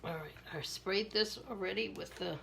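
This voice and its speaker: A woman's voice: mid-range voice, normal speed, creaky, a bit bright, a little hiss or hum. A woman with a Maryland accent chatting casually and rambling, laughing often as she styles her hair. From Maryland, USA. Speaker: beauty vlogger. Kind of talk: casual chat while styling hair.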